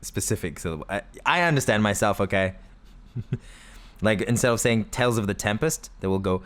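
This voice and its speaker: A man's voice: fairly low pitch, brisk. A man hosting a let's play, giving rambling, jokey gameplay commentary and laughing often. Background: game music.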